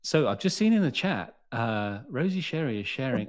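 A man's voice: medium pitch, big pitch swings, normal speed. A man hosting an online community session, talking in an upbeat, encouraging way. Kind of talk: live community talk.

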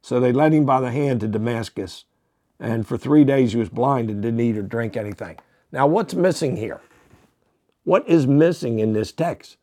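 Sounding pastor teaching from scripture. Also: male voice, medium pitch, mellow, no room sound, clean studio sound. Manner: reads scripture aloud, then comments with fillers and self-corrections. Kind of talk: Bible teaching podcast.

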